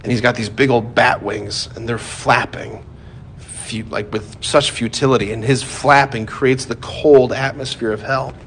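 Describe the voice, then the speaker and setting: A man preaching a sermon in a conversational way, often saying "like" and "right?", moving from joking asides to hushed, grave emphasis. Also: medium pitch, steady tone, a little slow, a little hiss or hum.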